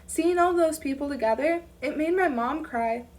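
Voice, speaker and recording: A woman reading an audiobook, voicing a frightened teenage girl who speaks hesitantly and quietly through tears. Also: high voice, normal speed, distant mic, pitched above the performer's own voice, lightly acted. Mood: timid. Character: scared shy teenage girl on the phone.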